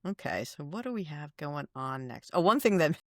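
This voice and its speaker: A woman co-hosting a fan podcast, talking in a lively way with frequent laughs. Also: low-pitched, normal speed, dry recording, studio quality. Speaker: podcast co-host. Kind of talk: casual chat.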